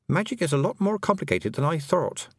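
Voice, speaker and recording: A man voicing a clever young farm girl, earnest and quick. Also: a little high, big pitch swings, husky, no echo, clean studio sound, voice pushed up, heavily acted.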